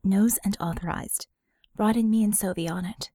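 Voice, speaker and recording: A woman voicing a wry, sharp-tongued young woman in an audiobook, in a close, everyday voice. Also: medium pitch, fairly even intonation, husky, no echo, close to an everyday voice. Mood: hurried. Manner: wry, quick, sarcastic. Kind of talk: audiobook character voice.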